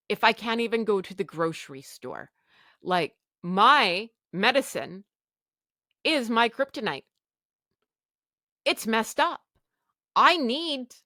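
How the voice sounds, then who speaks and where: A middle-aged woman telling a personal story on a podcast, animated and acting out the lines of everyone involved. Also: mid-range voice, no echo, clean studio sound. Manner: animated retelling with quoted dialogue. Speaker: podcast guest sharing her story.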